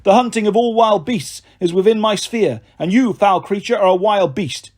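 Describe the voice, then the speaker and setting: A man voicing a stern, commanding young huntress goddess who speaks with calm authority. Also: high voice, normal speed, pitched above the performer's own voice.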